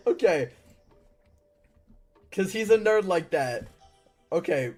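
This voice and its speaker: A man's voice: high-pitched, expressive, takes it slowly, long pauses, darkish tone, soft background music. A man casually reading viewer-submitted stories aloud, often laughing and breaking off into incredulous outbursts.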